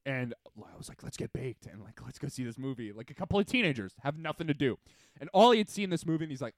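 Animated young man telling stories. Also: mid-range voice, fast talker, no echo, studio quality. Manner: animated storytelling, acts out friends' lines. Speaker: podcast co-host. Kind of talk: casual chat.

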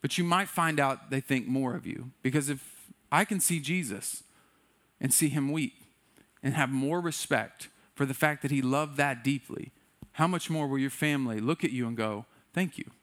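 A man preaching a sermon as a pastor, candid and self-deprecating, shifting between lively bursts and quiet earnest passages. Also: medium pitch, normal speed.

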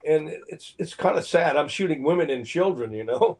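Animated older man telling stories. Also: a little high, normal speed, slight background noise, rough recording. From Phoenix, Arizona, USA. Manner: animated, acts out quotes, laughs between lines. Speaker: actor and guest. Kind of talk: anecdotal storytelling in an interview.

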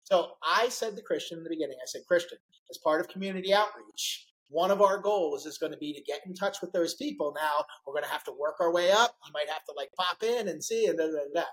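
A middle-aged male podcast host in a relaxed conversation. He tells his story with animated energy and throws himself into every quoted line. The delivery stays conversational and loose throughout. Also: a little high, quick pace, few pauses, rough recording. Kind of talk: casual interview storytelling.

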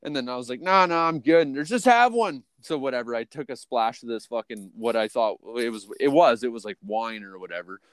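A man co-hosting a podcast, telling a long story in a profane, rambling, excitable way. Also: medium pitch, fast, few pauses, dry recording. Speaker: podcast co-host. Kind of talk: casual storytelling.

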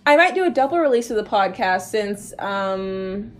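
A woman's voice: mid-range voice, lively intonation, moderate pace. A woman hosting a podcast in casual chat with friends. She is giggly, blunt and a little self-conscious. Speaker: podcast host.

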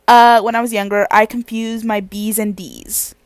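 A young woman talks to her viewers from her bed in a rambling, giggly, self-deprecating way. Her voice sits a little high, and the sound is dry and close with no room in it. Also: fairly even intonation, normal speed, hardly any pauses, no room sound. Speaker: vlogger. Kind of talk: casual chat. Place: bedroom, lying on bed.

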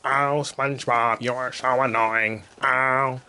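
A man voicing a grumpy cartoon squid, drawling slow, whiny complaints. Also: medium pitch, steady tone, pushed and bright, smooth. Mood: weary.

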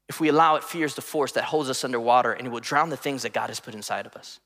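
A man preaching a sermon as pastor, swinging between impassioned emphatic peaks and soft drops, with casual storytelling asides and fillers to his congregation. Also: medium pitch, fast talker, hardly any pauses, in a large hall.

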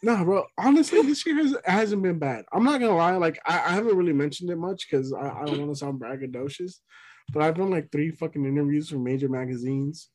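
A man's voice: fairly high pitch, brisk, a little mellow, no room sound. A man in his twenties co-hosting a podcast, laid-back and laughing often, swearing freely in casual chat. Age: 20s. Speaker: podcast co-host.

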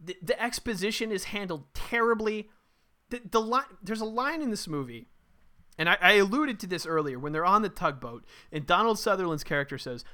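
A man's voice: sits high, animated, a little fast, pushed and bright. A man co-hosting a casual movie review podcast, ranting bluntly and profanely. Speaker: podcast co-host.

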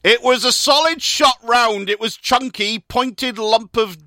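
Man doing a stiff West Country cop spokesman with a Gloucestershire accent, high and officious. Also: measured pace, sharp tone, dry recording, studio quality, exaggerated voice. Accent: Gloucestershire, put on.

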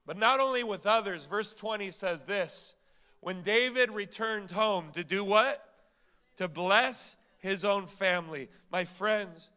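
A man's voice: sits high, pushed and bright. A male pastor preaching a sermon, emphatic, asking the congregation rhetorical questions and repeating words as he builds each point.

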